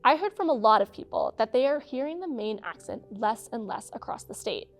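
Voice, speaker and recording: A woman hosting and narrating a scripted explainer, with a clear, measured delivery. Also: fairly high pitch, lively intonation, faint music behind. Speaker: host.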